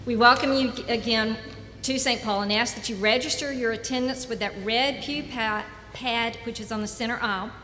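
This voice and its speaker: A woman giving church announcements and the greeting of peace in a measured, formal manner. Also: on the high side, fairly even intonation, bright, forceful tone. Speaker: worship leader giving announcements. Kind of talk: liturgical announcements. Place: church sanctuary. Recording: roomy church with long reverb, faint noise.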